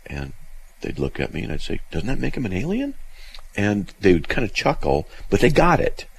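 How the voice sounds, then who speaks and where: Deep gravelly male radio host. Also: moderate pace, low-quality recording. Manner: animated storytelling with restarts, lively and amused. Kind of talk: casual call-in radio talk.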